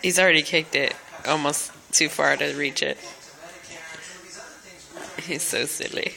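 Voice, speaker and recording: A woman's voice: deep voice, fairly even intonation, measured pace, vocal fry, a crowd in the background. A woman filming her baby at home, narrating and talking to him in playful, sing-song baby talk. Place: home, indoors.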